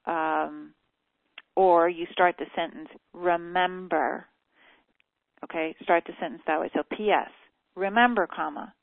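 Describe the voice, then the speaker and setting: A woman coaching on a group call, frankly critiquing a sales letter with many pauses and fillers. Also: low voice, fairly even intonation, dry recording. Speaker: copywriting coach. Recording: tinny dry phone line.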